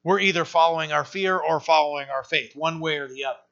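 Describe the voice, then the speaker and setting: Quick-paced and sharp, a man with a higher voice preaches conversationally to his church. He keeps throwing out rhetorical questions and asking "right?" The recording is dull and lo-fi.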